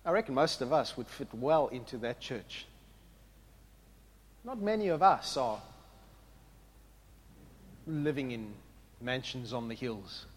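A man preaching a sermon, with an impassioned delivery that swings from quiet reflection to loud exclamation. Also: medium pitch, expressive, slow pace, long pauses. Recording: long hall reverb.

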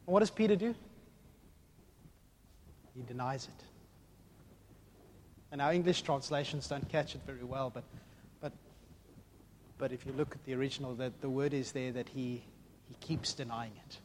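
A man preaching a sermon in an animated way, acting out the voices of the people in the story. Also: medium pitch, moderate pace, pauses often, slight background noise.

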